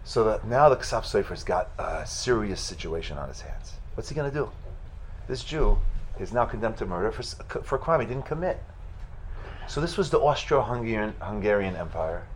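A man, a rabbi, telling a religious story in a sermon, halting and restarting at times. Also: on the low side, slight background noise, poor audio. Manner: halting retelling with restarts, rising to loud fervent chanting at the end.

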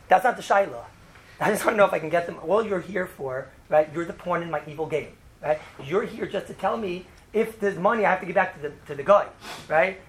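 A Torah teacher gives an informal, conversational religious law lesson in a high-pitched male voice, speaking a little fast. He often asks "right?" and acts out quotes from the people in his examples, and the recording carries a little hiss or hum.

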